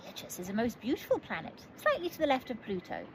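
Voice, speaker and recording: A woman's voice: a little high, wildly swooping pitch, quick pace, slight background noise, voice pushed up. A woman voicing a fussy, polite male talking chicken-bird in a storybook reading, formal and courteous with clucks.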